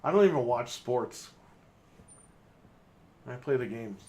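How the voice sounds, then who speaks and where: A man's voice: mid-range voice, animated, slow, darkish tone. A man co-hosting a gaming podcast, telling stories in casual chat while playing, swearing freely. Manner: swearing, storytelling with laughs. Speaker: podcast co-host.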